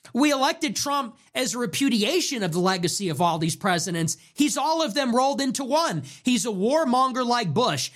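Young male host, fiery political rant, lots of rhetorical questions, swings his pitch all over. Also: a bit bright. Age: young adult. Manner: ranting, rapid-fire rhetorical questions, profane. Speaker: show host. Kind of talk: political monologue.

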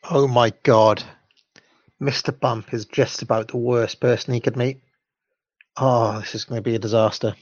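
Male stream host, rambling commentary, mid-pitched, dry dull mic. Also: fairly even intonation, normal speed, no room sound. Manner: rambling, with restarts. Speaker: livestream host. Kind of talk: rambling commentary and storybook reading.

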